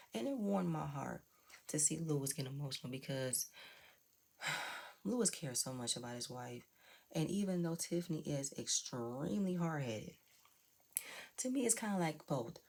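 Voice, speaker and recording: A woman's voice: low voice, vocal fry, a little mellow, breathy edge. A woman giving casual, opinionated commentary on a reality show and talking straight to her viewers. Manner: chatty, opinionated, talks to viewers directly. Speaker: reality TV reviewer.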